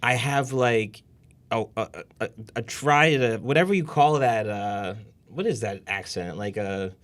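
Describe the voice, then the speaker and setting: A man's voice: mid-range voice, a little slow, a bit bright. A man hosting a podcast, blunt and coaching, rambling with lots of filler words. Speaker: podcast host and real estate coach. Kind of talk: casual podcast chat.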